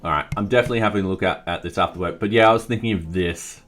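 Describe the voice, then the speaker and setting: Talking very fast over soft background music, this low-pitched, slightly bright Australian man is coding live. He thinks aloud, reads out chat messages, and chats casually while running himself down.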